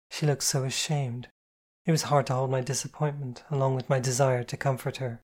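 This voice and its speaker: An audiobook narrator reading a novel chapter in first person, with measured, expressive storytelling. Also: mid-range voice.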